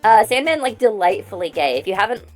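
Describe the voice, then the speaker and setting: Young woman streamer rambling thru trivia, voice bounces up and down a lot, soft music behind. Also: medium pitch. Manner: rambling, excited trivia talk with quick restarts. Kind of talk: casual stream chat.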